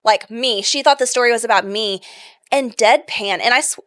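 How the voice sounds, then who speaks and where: A woman's voice: on the high side, moderate pace, a bit bright, no room sound, clean studio sound. A young woman co-hosting a casual podcast, telling stories chattily and laughing often. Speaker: podcast co-host. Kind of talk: casual chat.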